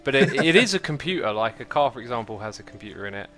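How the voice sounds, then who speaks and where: A laid-back English man co-hosting a livestream, answering and joking in easy casual chat. His voice sounds bright and crisp. Faint music plays in the background. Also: mid-range voice, sing-song, fast. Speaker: co-host of a game livestream.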